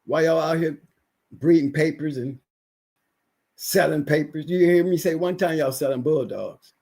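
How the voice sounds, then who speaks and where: A man's voice: a little high, moderate pace, darkish tone. A man who has been sick, ranting emphatically in a casual livestream chat, repeating himself for weight. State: recovering from illness. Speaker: livestream guest.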